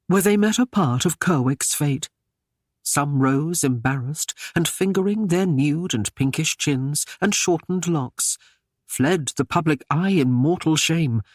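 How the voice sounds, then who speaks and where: A man narrating a historical romance audiobook in a measured, even storytelling manner. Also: fairly high pitch, no room sound, studio quality. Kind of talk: scripted narration.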